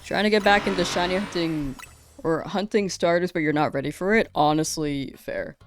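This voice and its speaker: A worn-out game streamer chatting loosely on a live stream, right up on the mic. They ramble, trip over their words and laugh things off, in a middle-pitched voice. Faint game music plays underneath. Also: normal speed. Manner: rambling, self-correcting, laughs often. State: tired after a long stream. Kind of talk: casual live-stream chat. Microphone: close to the mouth.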